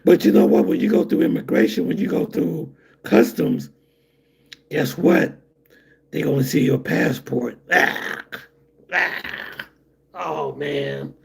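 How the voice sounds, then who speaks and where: Man, very gravelly voice, husky and rough, rambling live-stream chat. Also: fairly high pitch, lively intonation, warm tone. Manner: rambling, conversational, drawn-out asides. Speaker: vlogger reading chat comments.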